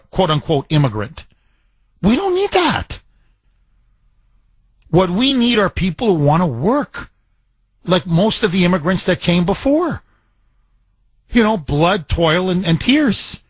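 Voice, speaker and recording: A man's voice: sits high, big pitch swings, normal speed, husky, dry recording. A middle-aged man from Canada hosting a talk radio show, telling a personal story with emotion and emphatic indignation.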